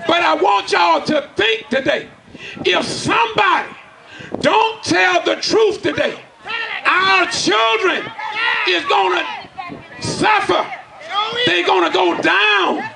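Shouting high-voiced preacher, gravelly. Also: male voice, takes it slowly, background noise. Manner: shouting with call-and-response questions to the crowd. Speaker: community speaker. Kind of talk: impassioned preacher-style rally speech. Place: outdoors at a community gathering. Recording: loud crowd outdoors.

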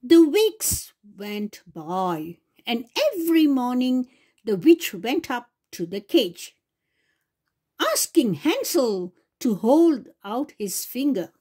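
Slow sing-song woman storyteller. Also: a little high, sing-song, dark tone, slightly rough. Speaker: children's channel storyteller. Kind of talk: reading a fairy tale aloud to children.

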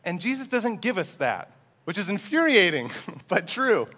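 A male pastor giving a sermon in a conversational style, sometimes dropping to a soft, quiet voice. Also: high voice, sing-song, moderate pace. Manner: conversational preaching, acts out quoted voices, sometimes drops to a hush.

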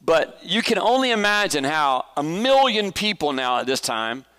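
A man's voice: a little high, sing-song, normal speed, bright, forceful tone, clean tone. A man teaching a church Bible study in a conversational way, asking the congregation questions, enthusiastic, with restarts and fillers. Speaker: pastor.

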